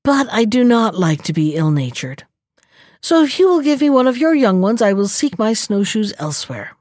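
Sneaky polite fox from a kids story, woman reading it, slightly raised pitch. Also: sing-song, normal speed, a little mellow, no room sound, studio quality, lightly acted. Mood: sly. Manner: smooth, coaxing, falsely polite. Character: sly scheming male fox.

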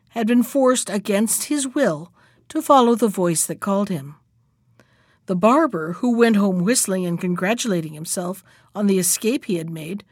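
A woman storyteller reading a fairy tale aloud in an expressive, measured way. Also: fairly high pitch, no echo, clean studio sound.

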